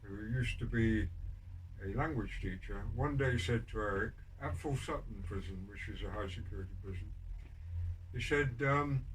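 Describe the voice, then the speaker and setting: A man's voice: on the low side, normal speed. An older man tells prison stories in a loose, rambling way, full of ums and false starts, with a dry wit. He sits back from the mic, and a faint hiss of room noise runs under his voice. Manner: rambling, many ums and restarts, dry wry humor. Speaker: podcast guest telling prison stories. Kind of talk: casual storytelling interview. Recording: distant mic with background noise.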